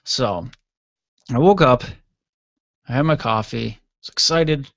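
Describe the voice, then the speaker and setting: A man's voice: mid-range voice, takes it slowly, vocal fry, fairly bright tone, dry recording. A tired man hosting a radio show, telling a rambling, self-mocking story in a casual monologue. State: tired, yawning. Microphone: studio microphone. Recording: dull lo-fi dry sound.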